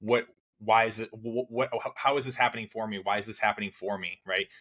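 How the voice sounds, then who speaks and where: A man hosts a podcast in a loose, friendly register, calling his guest dude and swearing freely. His voice sits fairly low. He rambles through thoughts with many restarts. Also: flat delivery, brisk, fairly bright tone. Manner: laid-back, swears, calls guest dude. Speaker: podcast host. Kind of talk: casual interview chat.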